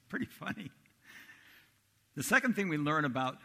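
A male pastor delivers a sermon with bright, pressing energy and a slightly husky edge. He tells the story with lively acted-out voices. His voice rings through the long reverb of a large hall. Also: a little high, unhurried, long pauses. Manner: animated storytelling, acts out disciples' voices.

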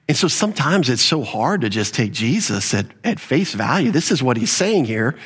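A man's voice: mid-range voice, very animated, moderate pace, few pauses, fairly bright tone, husky. A man preaching an emphatic expository sermon, retelling a conversation and explaining Greek words from the text. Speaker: pastor.

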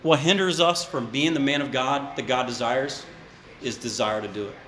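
A man preaching a sermon to his congregation, animated, with joking asides and repeated words. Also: mid-range voice, normal speed. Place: church hall. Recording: echoey church hall.

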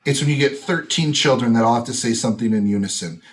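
Quick-paced and mid-range, a man in his thirties from central Wisconsin chats casually with a wry, mocking tone. He often imitates the people he quotes, putting on voices for them.

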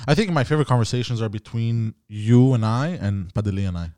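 A man's voice: mid-range voice, expressive, fast talker, darkish tone, no echo, studio quality. A man hosting a podcast, chatting casually with a guest and signing off with profane jokes. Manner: profane, joking sign-offs. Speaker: podcast host.

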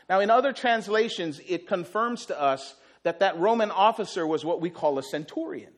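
A man's voice: sits high, animated, normal speed. A male pastor preaching a sermon, telling the story vividly and acting out the quotes.

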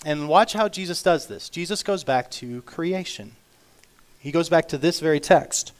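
A man preaching a sermon as pastor, earnest and emphatic, swinging between loud declarations and quiet asides, slowing down to read scripture aloud. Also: on the high side, expressive. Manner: reads scripture aloud slowly.

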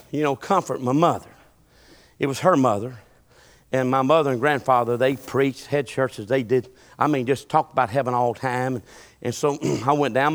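A man preaching a sermon in a folksy storytelling way, swinging between loud preaching and quiet asides. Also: on the high side. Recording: long hall reverb.

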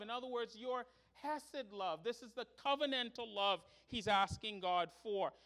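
Male pastor, high-pitched voice, earnest sermon delivery building to emphatic peaks. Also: normal speed, few pauses, fairly bright tone. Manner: earnest preaching, rising to emphatic pleading.

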